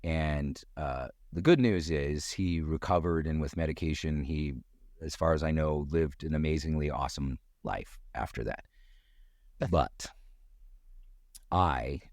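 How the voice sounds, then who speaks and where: A middle-aged man telling a personal story in casual conversation, acting out quoted voices with sudden jumps in pitch. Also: a little slow, darkish tone, no room sound, studio quality. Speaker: guest storyteller.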